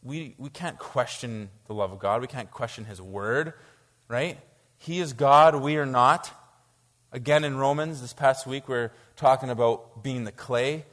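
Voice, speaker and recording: Preacher, man, lively and incredulous, delivering a sermon in a church with long hall reverb. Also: medium pitch, moderate pace. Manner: animated, reads scripture aloud and reacts with incredulity.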